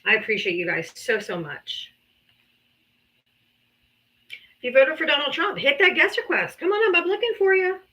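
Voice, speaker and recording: A woman's voice: high voice, big pitch swings, moderate pace, long pauses, pushed and bright, low-quality recording. A woman hosting a live debate stream, talking casually and bluntly, with frequent swearing and exasperation. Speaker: livestream debate host. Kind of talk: casual livestream talk.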